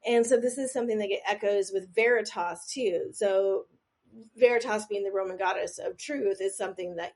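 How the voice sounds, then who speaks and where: This podcast co-host has a mid-range voice that's a little mellow and slightly rough. Leading a quiz, she rambles, pokes fun at herself, and drops jokey asides, occasionally pulling back from the microphone during the casual chat.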